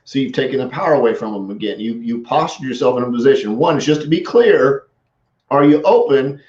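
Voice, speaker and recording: A man's voice: medium pitch, animated, a little fast, a little mellow. A middle-aged man giving casual sales coaching, speaking conversationally and acting out sample replies. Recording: roomy, slightly dull audio.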